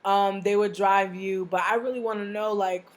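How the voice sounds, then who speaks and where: A young adult woman telling a profane storytime rant as a vlogger, venting loudly and acting out both sides of an argument. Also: mid-range voice, moderate pace. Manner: loud, profane, animated venting with acted-out dialogue.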